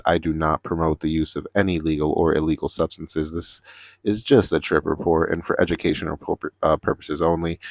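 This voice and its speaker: A man's voice: very deep voice, no echo. A man hosting his own gaming channel, telling a personal story in a laid-back, rambling way. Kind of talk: casual storytime monologue.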